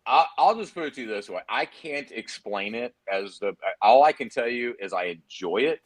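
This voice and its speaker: A middle-aged man from Texas, a guest on a video-call chat show, telling stories in a hammy, animated way and acting out what others said. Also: medium pitch, moderate pace. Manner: animated storyteller, hammy, acts out quotes. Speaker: guest, PDR trainer. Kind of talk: casual chat.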